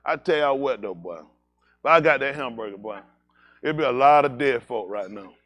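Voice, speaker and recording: A man preaching, telling animated, jokey stories and slipping into high-pitched voices for characters. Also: normal speed. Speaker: pastor. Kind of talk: comedic storytelling sermon.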